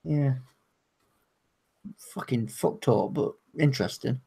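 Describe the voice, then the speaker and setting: Male guest, casual and agreeable, mid-pitched. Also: takes it slowly, creaky, mellow, breathy edge. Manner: easygoing, agreeable, chatty. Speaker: guest on a live stream. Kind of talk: casual chat between friends.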